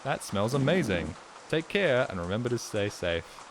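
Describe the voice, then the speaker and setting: A young man streaming games at home, rambling through crude stories and deadpan jokes into a desk mic. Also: mid-range voice, normal speed, slight background noise. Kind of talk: casual gaming stream chat.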